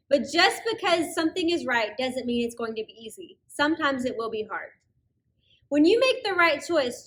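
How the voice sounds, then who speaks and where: A woman's voice: sits high, pushed and bright. A woman hosting an online kids' church lesson in an upbeat, encouraging way. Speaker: children's ministry host.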